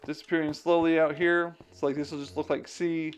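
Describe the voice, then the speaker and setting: Fairly high-pitched and level in tone, this man speaks a little fast with a clean sound and soft music behind him. As a game streamer and digital missionary, he chats to himself and his audience during play, mixing casual talk with reflections on scripture.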